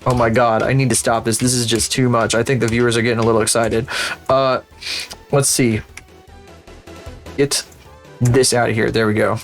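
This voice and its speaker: A man's voice: medium pitch, level tone, moderate pace, long pauses, soft background music. Profane sarcastic male streamer. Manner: profane, rambling, sarcastic, talks to viewers. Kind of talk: casual live-stream chat while 3D rigging.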